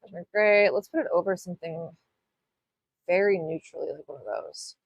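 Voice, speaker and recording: A young woman hosts a casual live nail tutorial, chatting as she works. Her pitch swings widely and freely, and her talk rambles with many self-interruptions and apologies. The sound is close and dry, with no room echo. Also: very animated, moderate pace, gravelly. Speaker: nail art tutorial host. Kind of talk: casual live-stream chat while demonstrating. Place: home nail studio.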